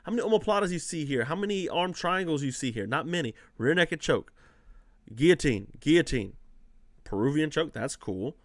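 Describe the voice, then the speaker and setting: Lively, animated man breaking down fights. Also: a little high, normal speed, dry recording, clean studio sound. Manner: loose and conversational, with many fillers and repeats. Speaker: host. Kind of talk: casual fight analysis.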